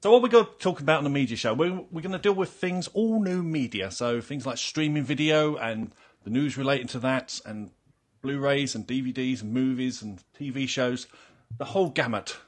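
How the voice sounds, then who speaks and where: A man hosts a relaxed panel chat with a husky, slightly breathy voice. He talks in a teasing, conversational way and sometimes trips over and restarts his sentences, at a middle pitch. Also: normal speed. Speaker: podcast host.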